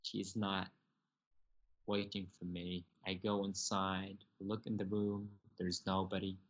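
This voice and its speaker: A young Syrian man appears as a podcast guest, earnestly sharing his personal story in halting, broken English. His voice is low and his tone stays level.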